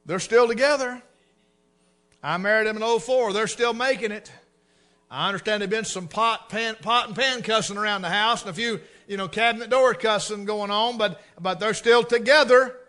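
In a high-pitched voice at a moderate pace, a middle-aged preacher gives a funny, folksy storytelling sermon. His delivery swings from loud to hushed.

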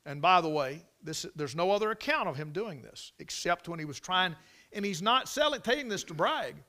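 A man preaching a sermon, telling the story dramatically and swinging from loud exclamations to near whispers. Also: high-pitched, animated, moderate pace.

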